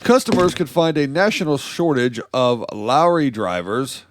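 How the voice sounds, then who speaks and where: A sarcastic American man co-hosts a comedy news podcast, reading out stories and dropping in deadpan explanations of every term. His voice sits at an everyday middle pitch. The sound is dry and close. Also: a little slow, no room sound. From United States. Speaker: podcast co-host. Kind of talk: casual comedy podcast banter.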